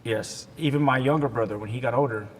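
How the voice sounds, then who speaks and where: A man in his forties from Texas, telling his life story as an interview guest in a halting way, with restarts, acting out the voices of people in it. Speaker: guest sharing his testimony. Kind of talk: emotional personal storytelling in an interview. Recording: long hall reverb with faint rumble.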